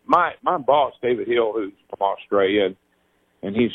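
An older man in his seventies with a Kentucky drawl spins a folksy yarn, acting out every quote. His voice is gravelly and husky. It comes down a tinny, narrow phone line. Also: fairly low pitch, normal speed. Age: 70s. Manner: folksy, animated storyteller who acts out quotes. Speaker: retired racing driver and broadcaster, guest. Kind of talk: storytelling interview.

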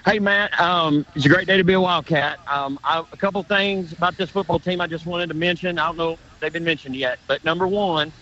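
Halting male caller on a dull line. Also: on the high side, fairly even intonation, sharp tone. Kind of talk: call-in message.

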